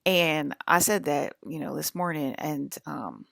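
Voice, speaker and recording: A woman's voice: low voice, unhurried, vocal fry, a bit bright, dry recording, studio quality. A woman in her forties hosting a livestream, rambling angrily and swearing at her viewers. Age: 40s. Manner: angry, profane, scolding her viewers; rambling with frequent restarts. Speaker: livestream channel host. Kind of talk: rambling spiritual livestream monologue.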